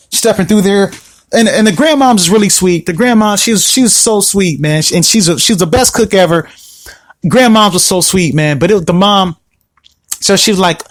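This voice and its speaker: A man's voice: high-pitched, normal speed. A man hosting a podcast, telling a personal story casually with lots of fillers and restarts, acting out the people he quotes. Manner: animated, acts out quoted voices, many fillers and restarts. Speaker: podcast host.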